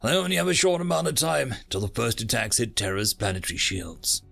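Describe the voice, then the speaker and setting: A man voicing a grim, practical human space captain who briefs in a brisk tone. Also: medium pitch, big pitch swings, creaky, sharp tone, soft background music, heavily acted.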